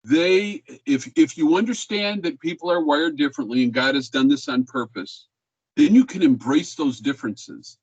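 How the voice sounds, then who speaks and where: A man's voice: fairly high pitch, moderate pace, darkish tone, husky, no echo, muffled recording. Laid-back older man lecturing a class. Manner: conversational, laid back, asks the class questions. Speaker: music professor.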